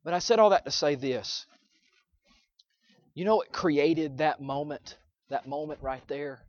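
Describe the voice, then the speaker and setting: A man's voice: fairly high pitch, a little slow, no room sound. Earnest preaching man, muffled dry sound. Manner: earnest, confessional storytelling, swinging from loud to hushed. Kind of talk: sermon illustration.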